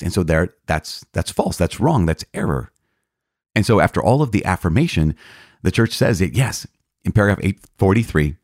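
A man's voice: sits low, darkish tone, no echo, clean studio sound. A man, a priest, teaching from the catechism in an earnest, emphatic way, often restarting and correcting himself.

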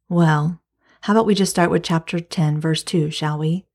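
A woman teaching the Bible, reading scripture aloud and adding commentary in a calm, measured way. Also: sits low, breathy edge.

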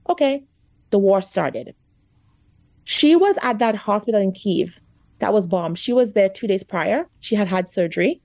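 Woman, author guest, emotional, rambling casual talk, warm dark tone. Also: medium pitch, lively intonation, normal speed, dry recording. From America. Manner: chatty, lots of "like" and "you know", gets choked up. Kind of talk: emotional interview storytelling.

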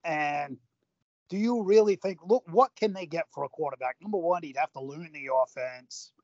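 A man's voice: fairly high pitch, normal speed, a little mellow, no room sound. A man co-hosting a casual sports podcast, arguing his points emphatically with a string of rhetorical questions. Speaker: podcast co-host. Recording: slightly muffled lo-fi podcast audio.

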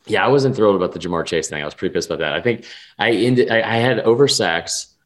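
A man's voice: lowish voice, animated, fast talker. A young man co-hosting a casual sports betting podcast, talking in a rambling, profane way full of restarts and fillers. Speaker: podcast co-host.

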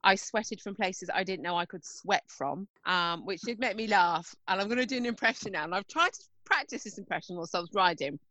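A woman co-hosts a chatty podcast and tells her stories with bubbly energy, laughing easily. Her pitch swings freely up and down. The sound is dry and close, with no room around it. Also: fairly quick, few pauses, dry recording, poor audio. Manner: bubbly, laughs often, animated storytelling. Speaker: podcast co-host. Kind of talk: casual chat.

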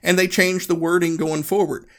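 A man hosting a podcast, telling a story in a relaxed, conversational, reflective way. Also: sits high, moderate pace. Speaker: podcast host.

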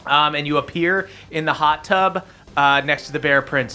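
A man's voice: a little high, normal speed, pushed and bright, faint music behind. A man running a tabletop game as game master, narrating casually with many fillers and laughs.

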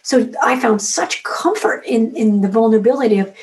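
A woman in her forties, an author guest, telling a personal story in a candid, emotional, animated way. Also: on the high side, moderate pace. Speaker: author and magazine editor, guest. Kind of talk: conversational interview.

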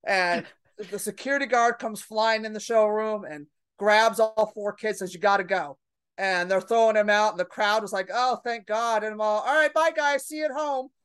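A woman's voice: mid-range voice, moderate pace, clear, resonant tone. A woman comedian telling a story in a podcast conversation, brash and profane, acting out the people in it. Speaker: comedian guest.

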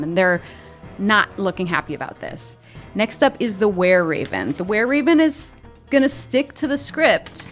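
A woman game master narrating a tabletop game, lively and descriptive. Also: fairly low pitch. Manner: lively, laughs often, descriptive.

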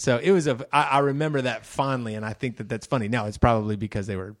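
A man co-hosting a casual podcast chat, reminiscing in a hesitant, halting way. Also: mid-range voice. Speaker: podcast co-host.

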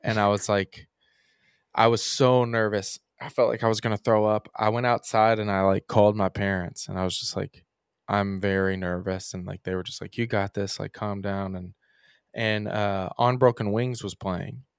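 A young man talks casually as a podcast guest, his low voice smooth and resonant. He rambles through his stories, leaning on "like" and "um" as he goes. The sound is close and dry, with no room around it. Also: steady tone, moderate pace, no echo. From Kentucky. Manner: rambling, frequent "like" and "um" fillers. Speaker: musician guest.

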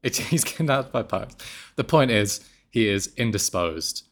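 A man's voice: lowish voice, expressive, unhurried. A man hosting a podcast in casual chat, laughing often and poking fun at himself. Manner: laughs often, self-deprecating. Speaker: podcast host. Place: apartment in Mexico.

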